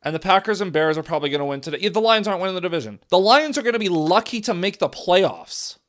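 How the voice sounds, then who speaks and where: Calling a football game as it unfolds, this man talks fast in a high-pitched, very animated voice. Exasperation runs through it, with frequent shouts and incredulous laughter.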